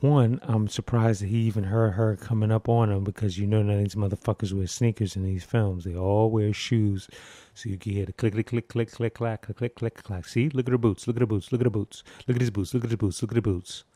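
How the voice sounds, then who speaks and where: A man's voice: fairly low pitch, fairly even intonation, fast, warm tone, no room sound. Profane man riffing on a movie. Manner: profane, riffing, sound-effect imitations. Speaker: film commentator. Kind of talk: casual film commentary.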